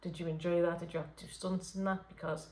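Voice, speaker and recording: Late at night, a woman improvises as a spirit medium, talking softly and hesitantly with plenty of fillers and restarts. She has a fairly low pitch and level tone, speaks fast, and the recording sounds roomy.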